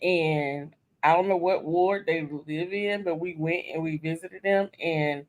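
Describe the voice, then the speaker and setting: A woman telling a story in a casual podcast chat, talking emphatically with animated, loud peaks. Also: low-pitched, a little slow, rough recording. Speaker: audiobook narrator.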